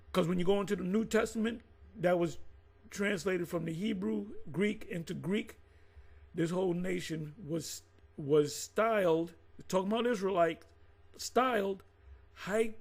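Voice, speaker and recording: A man with a high, gravelly voice vlogs as a channel host teaching Bible history. His unscripted commentary is rambling and halting, full of restarts and asides, and he reads sources aloud while emphatically addressing viewers directly.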